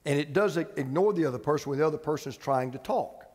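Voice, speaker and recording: A man's voice: fairly high pitch, fast talker, darkish tone, long reverb tail. A male pastor preaching a sermon, conversational and emphatic, asking the congregation repeated questions. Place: church sanctuary with audience.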